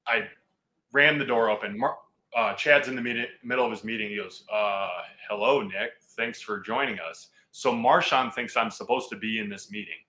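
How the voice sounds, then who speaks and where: A man in his thirties, a football player, telling an animated story on a podcast and laughing often. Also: medium pitch, low-quality recording.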